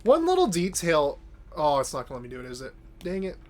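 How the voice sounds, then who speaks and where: A man's voice: medium pitch, racing. A male streamer giving casual, rambling let's-play commentary while reading game dialogue. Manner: chatty, rambling, self-correcting.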